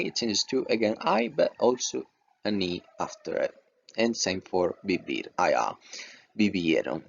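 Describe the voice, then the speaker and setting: Man, grammar teacher, slide lesson, patient repetitive explaining, faint background noise. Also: on the low side. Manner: explains patiently, repeats with "okay". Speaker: Spanish teacher. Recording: dull lo-fi voice recording with faint noise.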